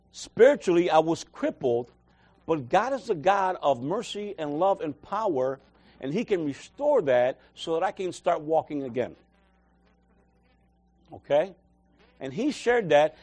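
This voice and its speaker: A man giving a personal church testimony, emotional and repetitive, swinging between loud emphasis and quiet. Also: fairly high pitch.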